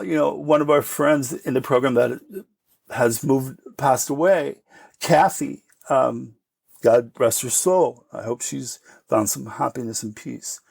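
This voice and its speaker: A middle-aged American man telling candid, animated stories about his recovery and acting out the voices of the people in them, laughing often. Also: a little high, vocal fry, breathy edge, no room sound. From United States. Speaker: podcast guest.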